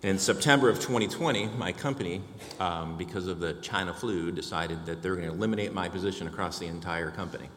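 A man's voice: sits low, fast talker, few pauses, a bit bright, reverberant, in a large hall, a little hiss or hum. An older man giving a personal testimony to a church congregation, telling his story and acting out the dialogue.

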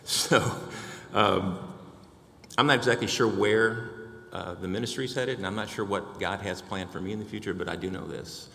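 A man's voice: lowish voice, a little fast, fairly bright tone, echoey room, long reverb tail. An older man giving a personal testimony to a church congregation, telling his story and acting out the dialogue.

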